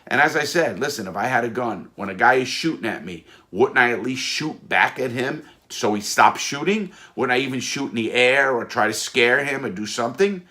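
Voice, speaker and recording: A man's voice: mid-range voice, normal speed, hardly any pauses, bright, forceful tone. A man telling his own story in a casual, emphatic monologue, often restarting and repeating himself. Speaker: storyteller recounting his prison case.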